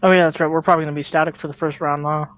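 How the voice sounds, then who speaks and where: A man's voice: fairly high pitch, little pitch movement, racing, a bit bright. A man on voice chat during a game, helpfully explaining controls with some hesitation. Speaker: player helping with game controls.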